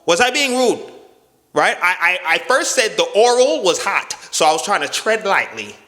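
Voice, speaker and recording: A man telling a profane, animated story in a casual storytime monologue, punctuating it with "right?" and "boom.". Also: normal speed. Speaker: storyteller vlogger. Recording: echoey room with long reverb.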